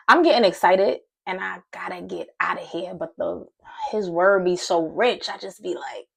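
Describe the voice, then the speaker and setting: A woman giving a casual, animated Christian teaching to camera, chatty and excitable, calling her listeners y'all. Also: on the low side, moderate pace, gravelly, breathy edge. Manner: conversational slang, addresses viewers as y'all.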